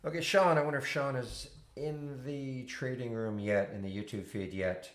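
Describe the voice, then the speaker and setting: A man's voice: medium pitch, steady tone, normal speed. A man with a mid-range voice comments live on the market, thinking aloud in a loose, running way. His voice carries the echo of a reflective room. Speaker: trading room host. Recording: echoey room.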